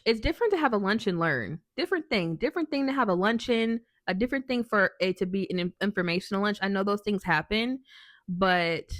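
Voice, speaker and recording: A woman's voice: mid-range voice, a bit bright, no echo, studio quality. A woman vlogger telling a work story in a chatty, sassy way, with many ums and restarts. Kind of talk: casual storytime.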